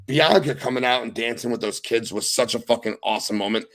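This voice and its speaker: A young man hosts a casual wrestling podcast and rattles through the weekend's matches. He talks with excited, profane emphasis and a mid-range voice. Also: mid-range voice, quick pace. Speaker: podcast host. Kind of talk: casual wrestling recap chat.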